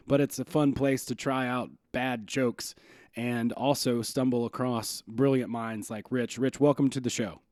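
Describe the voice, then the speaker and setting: A man hosting a podcast, talking in an excited, chatty way with lots of fillers and quick laughs. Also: medium pitch, no echo. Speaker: podcast host. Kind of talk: casual podcast chat.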